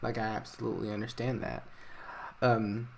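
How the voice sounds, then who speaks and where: A man's voice: fairly low pitch, little pitch movement, creaky, slight background noise. A man voicing a remorseful middle-aged father who stumbles and restarts as he pleads. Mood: hesitant. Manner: hesitant, pleading, halting restarts. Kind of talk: voicing a character in a narrated game story.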